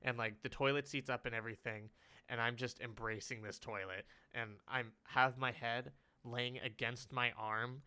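A man's voice: mid-range voice, steady tone, moderate pace, bright, forceful tone, clean tone. A young man telling a story in casual chat, rambling with lots of fillers and laughing often.

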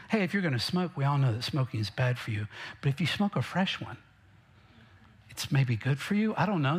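A man's voice: on the high side, breathy edge. A man preaching a sermon as pastor, emphatic and direct, often asking the congregation questions.

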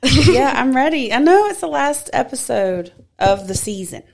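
A woman co-hosting a podcast, playful and giggly, talking in a lively, animated way. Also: high voice, normal speed, vocal fry. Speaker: podcast co-host. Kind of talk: casual podcast chat.

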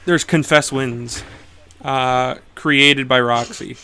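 Bright sharp-sounding dude rambling crude stories on a podcast, swears a lot. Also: male voice, medium pitch, steady tone, slow pace, smooth. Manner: crude, profane, rambling storytelling. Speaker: podcast co-host. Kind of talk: casual chat.

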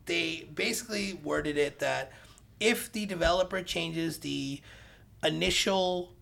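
This podcast guest, a male realtor, speaks slowly in a fairly high, creaky voice. He spins a lively, casual story, voicing each line of dialogue and raising his volume whenever a punchline lands.

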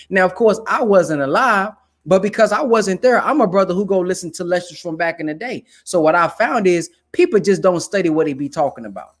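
Young man preaching his point, high voice. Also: lively intonation, brisk, hardly any pauses. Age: young adult. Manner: emphatic, preachy, colloquial. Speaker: commentator. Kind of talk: casual direct-to-camera commentary.

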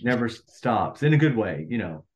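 A man on a podcast as an actor guest, speaking in a somewhat low voice. He chats in an easygoing way, often agreeing and adding friendly asides. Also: very animated, a little fast. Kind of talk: casual chat.

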